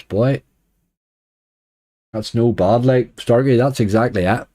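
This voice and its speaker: A man's voice: mid-range voice, takes it slowly, warm tone. A man with a Northern Irish accent giving chatty running commentary as a slots streamer, grumbling at the game and chatting to viewers.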